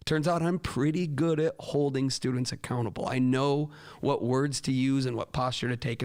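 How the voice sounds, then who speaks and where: A man's voice: mid-range voice, fairly even intonation, brisk, hardly any pauses. A man, a teacher, talking earnestly to fellow teachers and acting out quoted dialogue in a raised voice. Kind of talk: talk to teachers with classroom stories.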